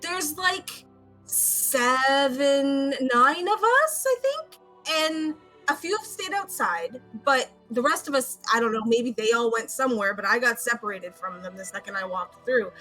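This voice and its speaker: Woman, tabletop player in character, high voice, bright tone, polite and hesitant. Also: lively intonation, measured pace, faint music behind, rough recording. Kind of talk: in-character tabletop role-play.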